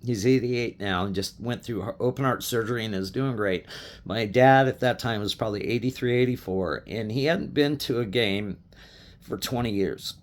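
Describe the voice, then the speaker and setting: This middle-aged man from Colorado, pitched fairly low and talking at a moderate pace, pours out his feelings as a sports fan in a passionate on-camera rant. He keeps repeating himself, curses, starts over, and gets choked up.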